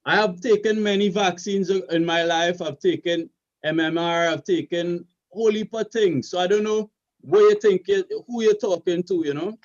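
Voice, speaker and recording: A man's voice: sits high, moderate pace, muffled recording. A man with a Caribbean accent, explaining his point in an earnest, lecturing way and checking in with "right?" as he goes. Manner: lecturing, repeats "right?" often. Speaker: podcast co-host. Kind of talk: earnest casual debate.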